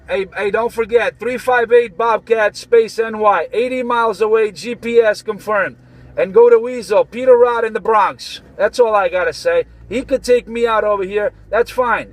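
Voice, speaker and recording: High-voiced man teasing on CB radio. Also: rough recording. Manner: teasing, repetitive catchphrases. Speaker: trucker on CB radio. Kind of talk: casual CB radio banter.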